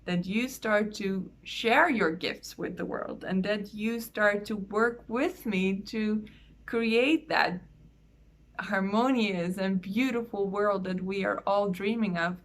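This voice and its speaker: A woman, a soul coach, speaking in an earnest, gentle way in a heartfelt online talk. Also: mid-range voice. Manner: earnest, gentle, slow with pauses.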